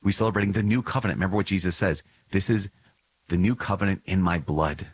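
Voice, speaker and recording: A man with a low, husky voice talks fast while hosting a religious podcast. He teaches with earnest enthusiasm and tells stories full of small digressions.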